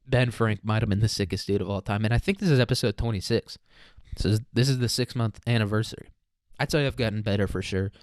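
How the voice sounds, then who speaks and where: A man's voice: fairly low pitch, quick pace, dry recording, clean studio sound. A young man hosting a casual solo podcast, rambling, profane and jokey. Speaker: podcast host.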